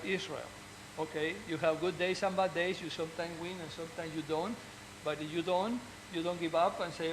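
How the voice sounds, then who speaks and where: A man's voice: fairly high pitch, background noise. A man, an orthopedic surgeon, speaking earnestly and encouragingly to fellow doctors, often restarting and repeating words.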